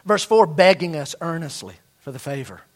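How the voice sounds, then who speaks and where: A man's voice: on the high side, animated, moderate pace. A middle-aged man preaching a sermon, telling a story and acting out the voices of students and their coach. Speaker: pastor.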